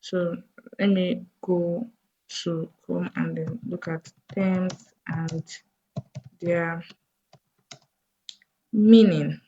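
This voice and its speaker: A woman teaching a coding lesson over a screen recording, thinking aloud slowly as she types. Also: lowish voice, fairly even intonation, mellow, husky, dull audio. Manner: slow, thinking aloud while typing. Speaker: coding tutor.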